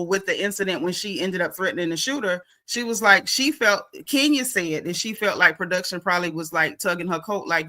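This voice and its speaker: Her voice is mid-range, bright and forceful as she chats on a live stream. Blunt and opinionated, she discusses a reality show, welcomes people in the chat, and peppers her talk with "like" and "you know."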